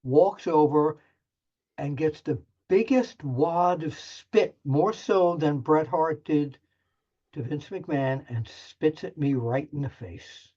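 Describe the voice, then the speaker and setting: A man's voice: a little high, slow pace, dark tone. Older man telling a story, muffled audio. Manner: chatty, self-deprecating, lots of restarts. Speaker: wrestling journalist, guest. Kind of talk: animated storytelling anecdote.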